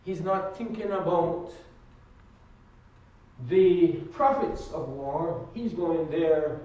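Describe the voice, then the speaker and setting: Man, Bible class teacher, unhurried and emphatic, asks the room to fill in the blanks; boomy room, distant mic. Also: dark tone. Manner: prompts the class to finish his sentences; slow, emphatic delivery. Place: church classroom. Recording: echoey room from far off, dull.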